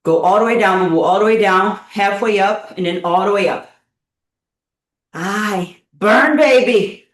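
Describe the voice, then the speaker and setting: A woman's voice: mid-range voice, steady tone, moderate pace, far from the mic. A woman leading a live online workout class, playful and encouraging, cheering her students on and getting out of breath. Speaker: fitness instructor. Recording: echoey room, voice from afar.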